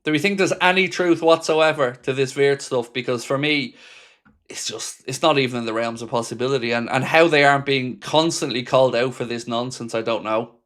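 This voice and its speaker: A man's voice: mid-range voice, brisk, a bit bright. A man hosting a fan live stream, chatting casually, reading viewer comments out and answering each commenter by name.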